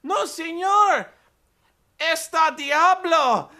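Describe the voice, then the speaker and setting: A man voicing a superstitious middle-aged woman housekeeper in a shrill, exaggerated voice. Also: little pitch movement, moderate pace, bright, forceful tone. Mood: urgent.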